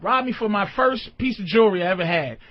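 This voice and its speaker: A man's voice: high voice, animated, quick pace, no echo. A man giving dating advice as a comedic rant, profane and emphatic, acting out quoted lines in other voices. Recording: dull lo-fi dry recording.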